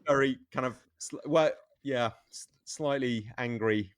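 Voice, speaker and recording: A middle-aged British pastor chatting casually on a podcast, halting and self-deprecating, with frequent restarts. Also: male voice, mid-range voice, no room sound, studio quality. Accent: British English. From England.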